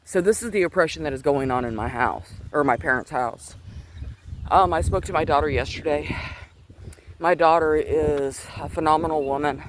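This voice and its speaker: This high-leaning male voice has a moderate pace and a fairly bright tone, with a little hiss or hum. The speaker, a middle-aged faith vlogger, walks outdoors in the cold using a Bluetooth earpiece, a bit winded, earnestly rambling through his faith story and restarting often.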